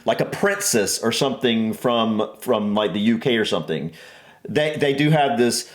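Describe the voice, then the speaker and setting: A man's voice: mid-range voice, normal speed, roomy sound. A man from the American South with a Southern accent, co-hosting a casual reaction video and chatting playfully. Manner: animated, playfully trying out put-on posh and Southern voices.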